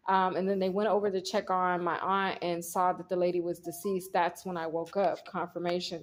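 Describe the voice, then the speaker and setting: A woman gives a casual tarot reading to her viewers. She rambles through the story in an easy, chatty way, often speaking straight to the audience. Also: mid-range voice. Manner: rambling, talks straight to viewers, retells scenes quoting herself. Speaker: tarot reader.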